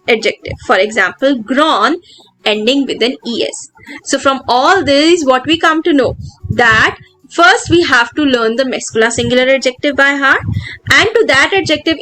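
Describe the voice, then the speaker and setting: A woman, patiently explaining a textbook lesson as a French teacher and slowing down to pronounce each word. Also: sits high, a bit bright, low-quality recording. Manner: patient, slows down to pronounce words.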